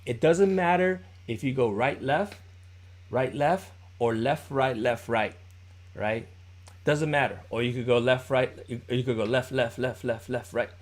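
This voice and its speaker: A man's voice: mid-range voice, a little slow. A man teaching a live-streamed popping dance class, counting beats, encouraging his students and answering viewers in chat in a chatty way. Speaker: dance instructor.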